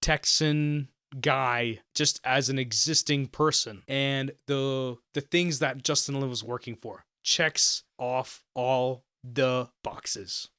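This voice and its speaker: A male podcast host from the American South talks through films in a loose, rambling way. His voice sits at an everyday middle pitch. The sound is close and dry. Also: fairly even intonation, slow, few pauses, sharp tone, smooth, no echo. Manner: rambling, many fillers, thinking aloud. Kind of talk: casual film discussion.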